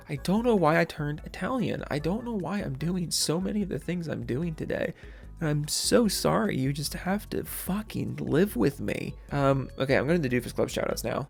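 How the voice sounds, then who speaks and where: A man giving casual, profane, sarcastic commentary on gaming and rattling off viewer shout-outs. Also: a little high, expressive, gravelly, breathy edge. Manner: profane, sarcastic, rapid-fire.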